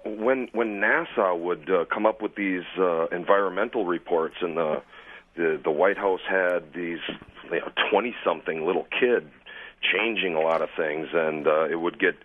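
Deep-voiced male caller over the phone. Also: normal speed. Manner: indignant, rambling with fillers. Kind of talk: call-in comment. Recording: tinny phone line.

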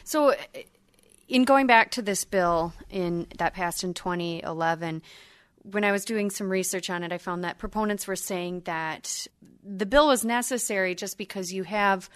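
A woman public radio host interviewing a guest, asking questions in a measured, inquisitive manner. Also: mid-range voice, clear, resonant tone, no room sound.

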